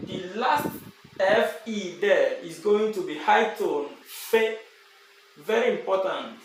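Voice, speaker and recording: A man whose first language is Igbo, teaching a language lesson and slowly repeating example words. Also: high voice, expressive. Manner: slow and repetitive, drawing out example words. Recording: very echoey room with faint background noise.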